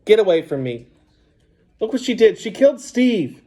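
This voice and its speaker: A man's voice: high voice, big pitch swings, moderate pace, dark tone, voice pushed up. A man voicing a stubborn, upset young boy who talks angrily in an audiobook. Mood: distraught. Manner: petulant, angry. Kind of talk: audiobook character voice.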